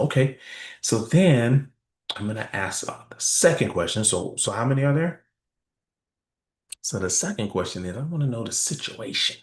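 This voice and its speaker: A man's voice: medium pitch, lively intonation, moderate pace, echoey room. A man giving a sales training talk in a conversational style, often checking in with "right?". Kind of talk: workshop presentation.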